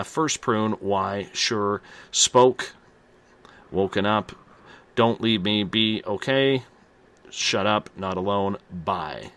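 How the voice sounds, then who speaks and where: Slow-talking man hosting a radio show. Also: lowish voice, fairly bright tone. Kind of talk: reading out listener chat responses.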